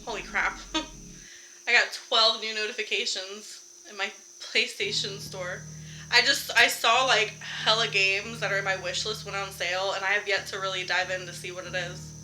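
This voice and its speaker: A young woman streams a game from home, chatting casually with viewers, laughing often and swearing lightly. Her voice is medium in pitch with a steady tone and moderate pace, and there is background noise.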